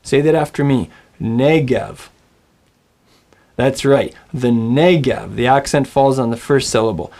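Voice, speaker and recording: A man teaching a recorded Hebrew lesson, friendly and encouraging, saying words slowly and getting the listener to repeat them. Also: mid-range voice, steady tone, darkish tone. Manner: friendly, encouraging, models pronunciation aloud.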